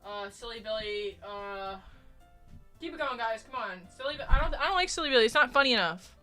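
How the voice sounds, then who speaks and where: A woman livestreamer in casual, chatty talk with her viewers as she plays a game, swearing and joking, with sudden shouted outbursts. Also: fairly high pitch, animated, a little fast. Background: faint background music.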